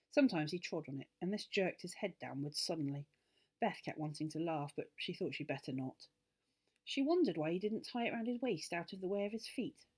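A woman reading a children's story aloud with expressive delivery. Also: lowish voice, husky.

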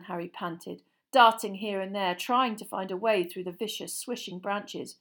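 A woman narrating a story in an audiobook reading, dramatic and expressive, with tense parts dropping to a hushed voice. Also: mid-range voice, normal speed, few pauses.

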